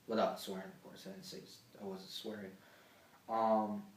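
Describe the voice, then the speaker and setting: A teenage boy vlogs casually, rambling through a swear-filled story from school with lots of fillers. His male voice is lowish, level in tone, and at normal speed. The distant mic picks him up off-mic in an echoey room.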